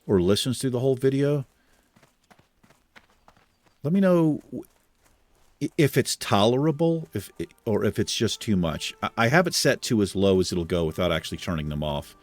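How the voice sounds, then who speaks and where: A man's voice: mid-range voice, animated, brisk, a little mellow, no echo. A man hosting a video game let's play, giving laid-back commentary with casual swearing and chuckles. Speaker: host.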